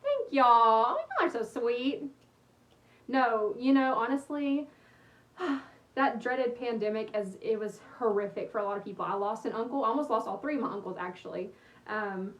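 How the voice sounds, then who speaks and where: A woman in her thirties from East Texas with a Texan accent, chatting casually and thanking viewers by name while she crafts on a livestream. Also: a little high. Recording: echoey room, mic at a distance, faint hum.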